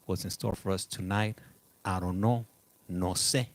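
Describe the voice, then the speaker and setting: A man's voice: deep voice, fairly even intonation, unhurried. A middle-aged man hosting a casual live stream, chatting loosely and greeting viewers by name. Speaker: livestream host.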